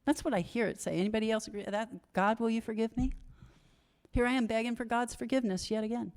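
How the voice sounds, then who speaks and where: A woman's voice: fairly high pitch, very fast, darkish tone. A middle-aged woman speaking candidly to an audience at a recovery conference, self-deprecating and building to emphatic repetition.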